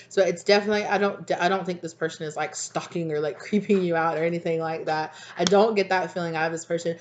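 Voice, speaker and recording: A woman giving a casual tarot card reading in a rambling way, with many fillers and laughs. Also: lowish voice. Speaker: tarot reader.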